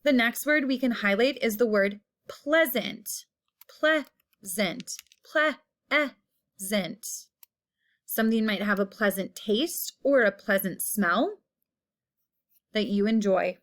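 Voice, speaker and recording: A woman teacher with a mid-range voice gives a phonics lesson, saying each word slowly and repeating it while stretching out the vowel sounds.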